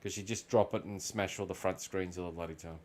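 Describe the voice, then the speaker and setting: A man's voice: deep voice, fast talker. An Australian man chatting casually while gaming, rambling through stories and swearing freely. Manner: rambling, swears freely, tells animated anecdotes. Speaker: gaming video host.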